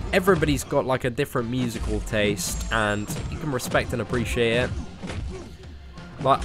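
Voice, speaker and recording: A young man with a southern English accent chats loosely during a live stream, stumbling over restarts and dropping casual slang. His pitch swings up and down with plenty of life, and faint music plays behind him. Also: a bit bright. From Surrey, southern England. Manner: rambling, stammering restarts, chatty slang. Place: parents' garden, outdoors.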